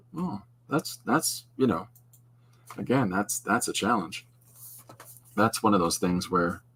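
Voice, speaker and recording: A man's voice: fairly low pitch, breathy edge. A middle-aged man from Canada, hosting a podcast and rambling casually while he draws, wandering and restarting his thoughts. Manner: meandering, digressive, with many restarts. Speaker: podcast host and artist.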